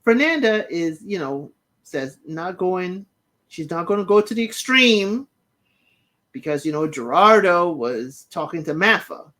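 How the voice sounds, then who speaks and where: A woman's voice: lowish voice, lively intonation, unhurried, fairly bright tone. A woman hosting a casual recap show, retelling scenes and talking straight to the people in them. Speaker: reality TV recap host.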